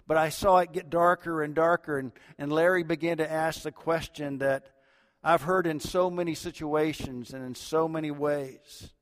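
A middle-aged man preaching a sermon as a pastor, swinging between loud emphatic lines and hushed low ones. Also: steady tone, normal speed. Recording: long hall reverb.

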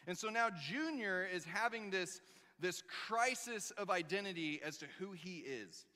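A man preaching a sermon as a pastor, telling a story with animated emphasis and acting out the lines he quotes. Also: sits high, unhurried, big-room sound.

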